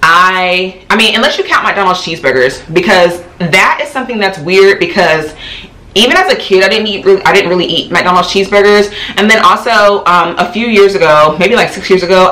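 A woman vlogger chatting quickly and casually to camera at home, tired and full of fillers. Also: fairly low pitch, bright, forceful tone. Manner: fast-talking, chatty, many fillers. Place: home apartment. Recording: echoey room.

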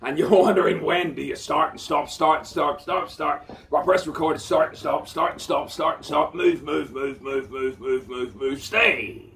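A man's voice: fairly high pitch, normal speed, gravelly, hardly any pauses, fairly bright tone, far from the mic, a little hiss or hum. A man rambling in an improvised spoken-word monologue, theatrical, swearing freely and repeating words over and over.

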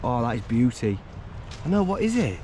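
A man's voice: mid-range voice, very animated, moderate pace, warm tone, a little hiss or hum. A man vlogging casually outdoors in the woods, talking to his dog, enthusiastic and swearing now and then. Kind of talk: casual outdoor vlog talk.

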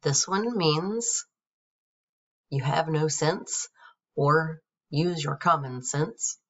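A woman teacher patiently going over a grammar worksheet, spelling words out letter by letter. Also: low-pitched. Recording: dull, distant screen-recorded audio.

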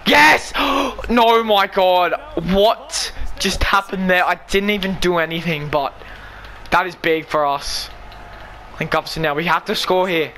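Male gamer, high bright voice, excitable live commentary, shouts at the play. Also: normal speed, slight background noise. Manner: excitable, shouting and pleading at the game. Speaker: gaming YouTuber.

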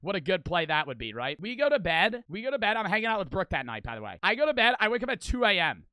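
A young man telling a story to camera, animated and crude, swearing nonstop and repeating his punchlines. His voice is bright and sharp-edged. The recording is close and dry. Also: high voice, fast, clear, resonant tone, no room sound. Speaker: streamer.

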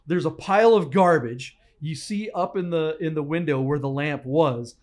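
A man co-hosting a podcast in a studio, telling stories in a lively, animated way and acting out the scenes as casual chat. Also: on the high side, moderate pace. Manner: animated storyteller, acts out scenes. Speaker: podcast co-host.

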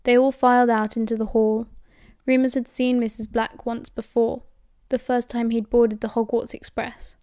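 A woman's voice: on the high side, dry recording, studio quality. British woman narrating an audiobook. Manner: steady, measured storytelling. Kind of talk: scripted narration.

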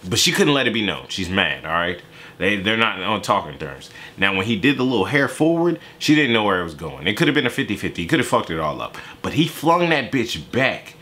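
A young man with a low, bright voice cracks jokes in an animated, profane play-by-play of a clip. His pitch swings widely as he talks, and faint music plays behind him. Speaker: YouTube reaction host. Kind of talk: casual reaction commentary.

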